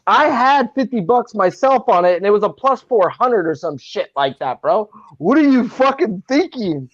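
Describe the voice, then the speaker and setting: A man's voice: high-pitched, animated, normal speed, no room sound, lo-fi sound. A man co-hosting a live sports-betting stream, chatting casually and saying "bro" a lot. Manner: laughing, slangy, says "bro" a lot. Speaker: podcast co-host.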